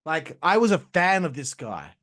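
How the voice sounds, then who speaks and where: A young man hosting a casual wrestling review, his voice sitting a bit high. He talks in a swearing, animated rant. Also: moderate pace. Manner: profane, ranting, animated. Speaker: host.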